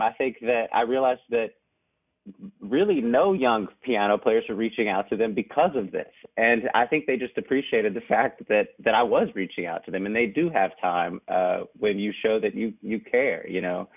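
Young male guest, slightly low voice, eager storyteller, phone-line sound. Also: moderate pace, slightly rough. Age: young adult. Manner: eager, laughs often between anecdotes. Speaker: jazz pianist guest. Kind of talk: storytelling in a radio interview.

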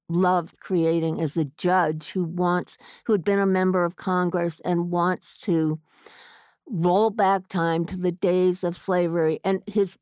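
A woman's voice: fairly low pitch, a little mellow, smooth, dry recording, studio quality. A woman author answering interview questions in a thoughtful, hesitant way with many fillers.

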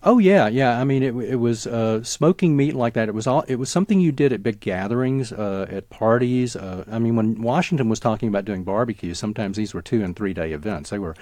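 A man's voice: on the low side, a little mellow, dry recording, clean studio sound. A man, an author being interviewed on radio, explaining history fluently with frequent fillers and restarts. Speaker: author and guest.

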